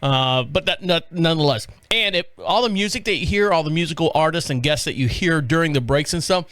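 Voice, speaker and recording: This podcast host speaks on the high side, fairly quickly and with a fairly bright tone, rambling chattily through stories in a casual talk-show monologue and often tripping over names. He sits in a small studio at a stand-mounted mic, and the recording is dry.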